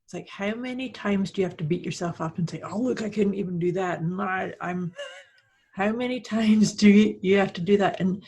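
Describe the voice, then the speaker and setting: A woman's voice: mid-range voice, normal speed, darkish tone. A woman from North America co-hosting a podcast in casual chat, affirming and coaching. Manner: affirming, coach-like, builds on the other host's points. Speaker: podcast co-host.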